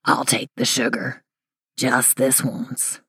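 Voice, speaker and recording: A woman doing a gravelly, drawling older boss. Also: very deep voice, level tone, fairly bright tone, dry recording, studio quality, full character voice. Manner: slow drawl.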